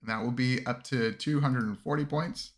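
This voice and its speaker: A man's voice: mid-range voice, normal speed. A man chatting casually on a livestream as host, rambling with many fillers and restarts, and chuckling often. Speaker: streamer reviewing army lists.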